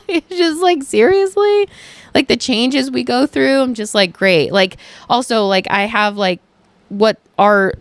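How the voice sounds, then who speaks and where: A young woman hosting her own podcast, talking frankly in a casual solo chat, animated, swearing and full of fillers. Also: medium pitch, no room sound. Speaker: podcast host.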